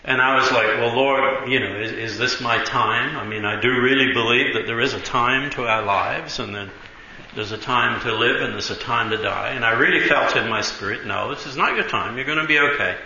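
A man's voice: medium pitch, normal speed, sharp tone. A man preaching a sermon, telling stories in a loose conversational way, often adding "you know" and "right", and sometimes laughing as he speaks. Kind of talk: sermon storytelling. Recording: roomy, dull, faint noise.

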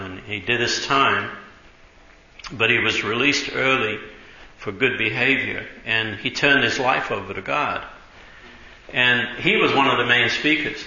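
A man's voice: mid-range voice, sharp tone. A man preaching a sermon, telling stories in a loose conversational way, often adding "you know" and "right", and sometimes laughing as he speaks. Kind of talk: sermon storytelling. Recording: roomy, dull, faint noise.

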